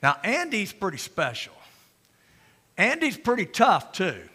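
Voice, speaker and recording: An older man preaching a sermon in a folksy, joking way, moving between loud preaching and quiet asides. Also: sits high, wildly swooping pitch, a little slow, slightly rough, long reverb tail. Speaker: pastor. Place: church sanctuary.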